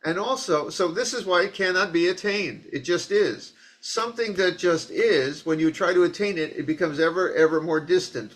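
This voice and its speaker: A Zen teacher from the New York area giving a conversational dharma talk with joking asides. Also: male voice, fairly high pitch, normal speed, fairly bright tone.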